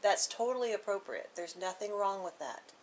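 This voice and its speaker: A woman from the northern United States co-hosting an education discussion, speaking quickly and eagerly with lively, expressive intonation. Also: medium pitch, slight background noise. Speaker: co-host, educator.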